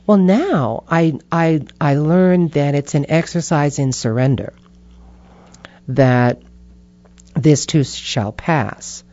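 Brief: expressive woman interviewee, dark mellow tone, slightly dull audio. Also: low voice, slow. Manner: expressive, animated, acts out inner voices. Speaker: interview guest. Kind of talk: reflective conversational storytelling.

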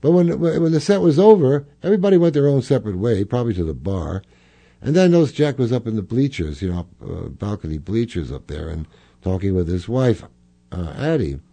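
A man's voice: medium pitch, sing-song, a little fast, creaky, warm tone. An older man, a jazz clarinetist, reminiscing in an interview, rambling with fillers and restarts.

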